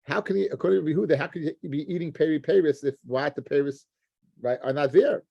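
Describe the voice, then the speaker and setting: A man's voice: a little high, fast, gravelly, warm tone, husky, no room sound, highs cut off. A man teaching a daily Talmud class, explaining step by step and often restarting words as he addresses his listeners as guys.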